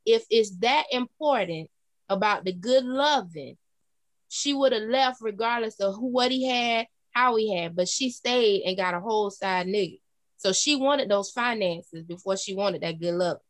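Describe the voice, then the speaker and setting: A woman's voice: mid-range voice, moderate pace, dry recording. A woman in casual chat who argues a point and restates it.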